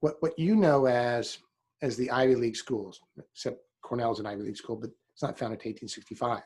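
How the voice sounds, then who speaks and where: A man's voice: medium pitch, fairly quick, a little mellow, slightly rough. A middle-aged man giving a conversational classroom history lecture, with fillers, restarts and teasing asides to his students. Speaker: history teacher.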